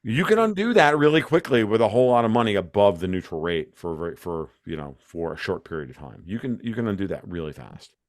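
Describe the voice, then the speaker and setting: A man's voice: lowish voice, big pitch swings, a little fast, no room sound, clean studio sound. A man giving his views as an interview guest, ranting emphatically and restarting his sentences often. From United States. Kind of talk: animated conversational interview.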